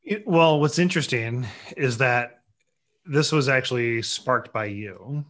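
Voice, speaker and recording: A man hosting a podcast, musing aloud in a halting way with many fillers. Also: medium pitch, expressive, fairly bright tone. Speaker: podcast host. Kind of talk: casual podcast chat.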